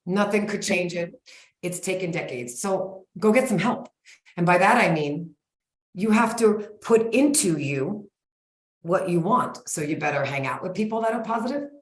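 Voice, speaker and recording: A woman in her forties talking as a guest expert in a casual interview, in a blunt, folksy and energetic way. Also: fairly low pitch, normal speed. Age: 40s. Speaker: guest expert on sugar cravings. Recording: roomy echo.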